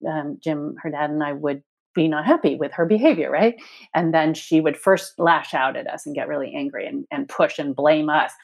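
Woman in her 60s, deep voice, earnest interview chat, acts out inner voices. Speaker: guest. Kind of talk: reflective interview talk.

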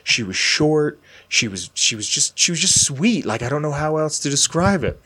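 Brief: late-20s male co-host, animated storyteller, very expressive pitch, jumps into quoted voices. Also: normal speed, slightly rough. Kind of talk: casual storytelling chat.

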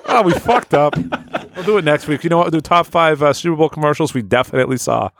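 A man's voice: fairly high pitch, fast talker, vocal fry, fairly bright tone, dry recording, studio quality. A man hosting a comedy podcast, crude and joking, doing improv bits with his co-hosts. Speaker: podcast host.

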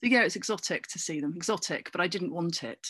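Chatty woman telling lively anecdotes. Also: on the low side, fast talker, no echo, clean studio sound. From Cornwall, England. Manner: chatty, anecdotal, animated storytelling. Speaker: guest, actor and comedian. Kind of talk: casual interview chat.

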